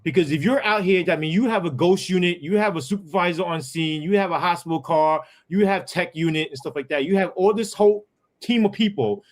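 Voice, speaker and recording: Heated New man, fairly high voice. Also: a little fast. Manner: heated, profane, full of repeated asides. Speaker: podcast guest, former police sergeant. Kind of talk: emphatic podcast storytelling.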